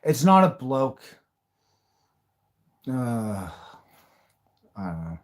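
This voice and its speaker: A man's voice: medium pitch, big pitch swings, extremely slow. Blunt man hosting a livestream. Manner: blunt, rants and raves, swears. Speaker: livestream host. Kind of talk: live-stream reaction chat.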